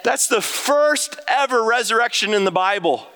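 A man preaching a sermon with a high, bright voice. He is earnest and emphatic, pushing his pitch up hard when he speaks prayers aloud, and he often breaks into light laughter between lines. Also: animated, moderate pace. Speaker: pastor.

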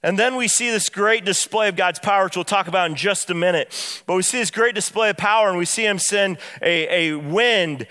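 A man, a pastor, preaching a sermon in church, stressing lines slowly and dropping soft and low on key phrases, then speeding up as he tells a story. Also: long reverb tail. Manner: bursts of quick storytelling between slow, stressed lines.

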